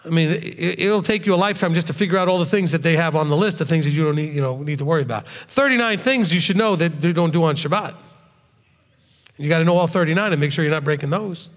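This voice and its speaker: A man's voice: a little high, fast. Male rabbi, sermon, chatty, keeps asking "okay?", long hall reverb. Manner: conversational, often asks "okay?". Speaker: rabbi preaching to a congregation.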